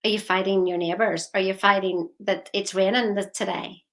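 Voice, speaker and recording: A woman's voice: mid-range voice, fairly even intonation, moderate pace, fairly bright tone. A woman giving a motivational talk as a coach, firing repeated questions at the listener.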